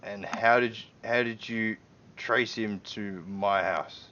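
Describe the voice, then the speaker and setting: Man putting on a high, loud, stammering homeowner, suspicious and flustered; dull lo-fi sound. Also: fairly even intonation, slow pace, slight background noise. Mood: indignant. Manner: stammering, indignant, raised voice.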